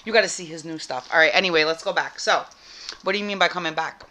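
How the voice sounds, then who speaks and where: Bright-voiced playful woman co-host. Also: sits low, quick pace. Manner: playful, teasing, rambling with fillers. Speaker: podcast co-host. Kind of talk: casual chat.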